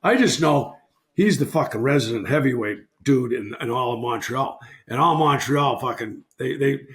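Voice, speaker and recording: A man's voice: medium pitch, normal speed. Rambling older man telling a story, roomy. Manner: rambling, self-correcting, animated storyteller. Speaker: podcast guest, former hockey player. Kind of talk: casual storytelling. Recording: roomy echo.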